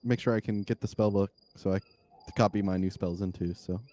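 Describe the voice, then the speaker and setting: A man's voice: deep voice, fairly even intonation, fairly quick, mellow. A man speaking as his character in a tabletop game, casual and a little hesitant. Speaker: player.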